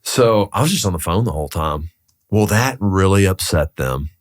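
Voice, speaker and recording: A man's voice: deep voice, lively intonation, normal speed. A man, a real estate broker, telling stories casually as a podcast guest, laughing often and swearing freely. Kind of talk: casual storytelling in a podcast interview.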